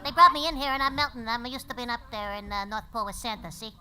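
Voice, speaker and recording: A woman's voice: fairly high pitch, fast talker, natural voice. A woman voicing a wisecracking New York Christmas elf who jokes and complains about the heat, improvised at a panel. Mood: kvetching. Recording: loud crowd noise in hall.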